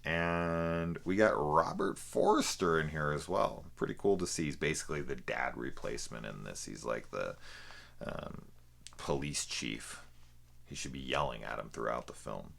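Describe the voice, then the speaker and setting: A man's voice: very deep voice, big pitch swings, measured pace, gravelly, fairly bright tone. A man casually reviewing a film, rambling with many fillers and restarts. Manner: rambling, lots of fillers and laughs.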